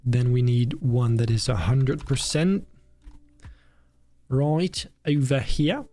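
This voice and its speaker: A young British man streams himself building a theme park, chatting casually, thinking out loud and poking fun at himself. His mid-range voice is steady, slow and mellow, with faint music playing in the background.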